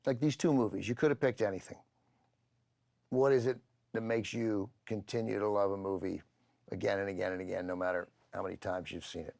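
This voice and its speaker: A man's voice: fairly low pitch, fairly even intonation, fairly quick, vocal fry, a little mellow, no room sound, studio quality. A man hosting a casual film discussion, chatty with many fillers as he retells scenes. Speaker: film channel host.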